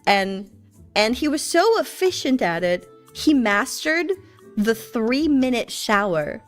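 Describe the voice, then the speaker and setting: High-voiced woman streamer telling stories. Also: big pitch swings, slow, faint music behind. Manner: chatty, anecdotal. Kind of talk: casual storytelling chat.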